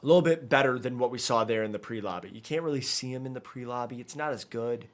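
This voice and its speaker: A gaming streamer with a mid-range voice talks fast, rambling casually to his chat as he plays a video game. It's relaxed live gameplay commentary in a chatty style.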